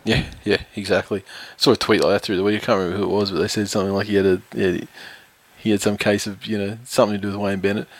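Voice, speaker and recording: A man co-hosting a casual sports podcast, rambling and chatty, reading listener reviews aloud slowly. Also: lowish voice, level tone, dry recording. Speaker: podcast co-host.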